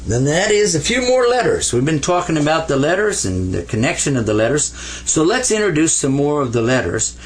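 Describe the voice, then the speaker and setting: A man's voice: a little high, big pitch swings, fairly quick, husky. A man teaching an Arabic lesson in a folksy, playful way, drawing letters as he explains them and drawing out the sounds he drills. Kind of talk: whiteboard language lesson.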